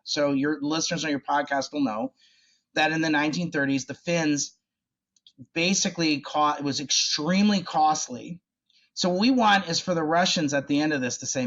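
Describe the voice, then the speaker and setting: A middle-aged man talking in an emphatic, conversational way as a podcast guest, with a somewhat high voice. The sound is muffled and lo-fi. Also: fairly quick, a bit bright. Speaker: think-tank guest. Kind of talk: animated policy interview.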